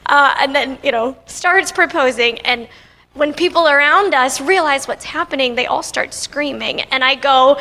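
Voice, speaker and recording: Young woman telling her story at a convention, bright high voice, roomy hall sound. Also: measured pace, a little hiss or hum. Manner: chatty and laughing often. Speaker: guest speaker. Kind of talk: personal story told to an audience. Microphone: handheld microphone. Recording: reverberant hall.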